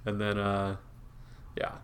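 A man's voice: lowish voice, completely flat delivery, slow, a little hiss or hum. A young man on a podcast, chatting casually and laughing as he tells a story about a video game. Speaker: podcast co-host. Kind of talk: casual chat.

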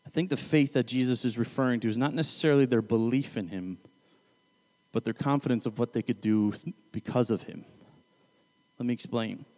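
A man's voice: medium pitch, brisk, darkish tone, in a large hall. A man giving a casual Bible teaching, talking in a loose, conversational way and often correcting himself mid-sentence. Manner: conversational, self-correcting, paraphrasing scripture loosely.

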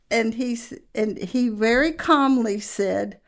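A middle-aged woman, a guest on a Christian talk show, telling a personal story in an earnest, unhurried way with soft laughs. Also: fairly high pitch.

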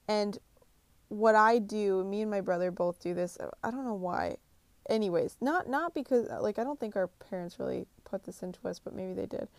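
A woman's voice: mid-range voice, darkish tone, no echo. Brief: young woman, brash no-nonsense motivator, heavy swearing, dry close sound. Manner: blunt, swears constantly, pushy pep talk. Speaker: motivational speaker. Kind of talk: profane motivational monologue.

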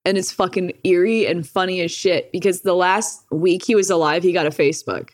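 A woman's voice: fairly low pitch, fairly even intonation, fairly quick. A woman chatting casually, telling a story, swearing freely, laughing often and acting out the lines she quotes. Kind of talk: casual chat.

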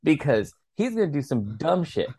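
A man's voice: a little high, sing-song, moderate pace, warm tone, breathy edge. A man co-hosting a podcast in casual chat, telling stories animatedly, acting out quotes and swearing freely. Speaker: podcast co-host.

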